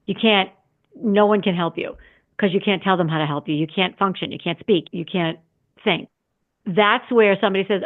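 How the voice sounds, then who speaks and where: A middle-aged woman hosting a podcast in casual solo talk, animated and repetitive, sometimes acting out her own flustered voice. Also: medium pitch, normal speed, phone-quality sound. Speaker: podcast host.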